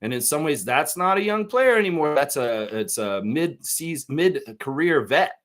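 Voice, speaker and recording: A man hosting a live sports stream, talking in a rambling, excitable way and laughing often. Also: fairly high pitch, moderate pace. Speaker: podcast host. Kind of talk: casual live-stream chat.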